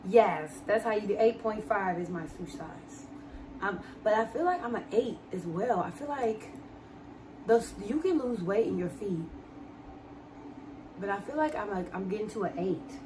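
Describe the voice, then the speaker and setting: A young woman with a DMV accent chatting on a live stream at a middle pitch. She answers her viewers' comments in a loose, chatty way. A faint hum of noise sits under her voice. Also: animated, normal speed. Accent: DMV (Washington, D.C. area) American. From American. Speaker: livestreamer. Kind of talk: casual live-stream chat.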